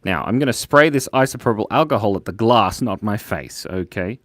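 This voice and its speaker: Goofy, lively man hosting a live stream. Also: fairly low pitch, brisk, few pauses, dry recording, studio quality. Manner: playful and goofy, breaks into silly voices and noises. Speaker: host of a live drawing stream. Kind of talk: casual live-stream chat with viewers.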